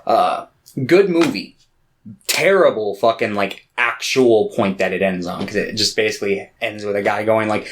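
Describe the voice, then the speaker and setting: Podcast dude talking movies, lots of likes and ums, little bit of hiss in the background. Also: male voice, lowish voice, normal speed. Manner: rambling, filler-heavy, quotes characters in put-on voices. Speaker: podcast co-host. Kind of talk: casual movie review chat.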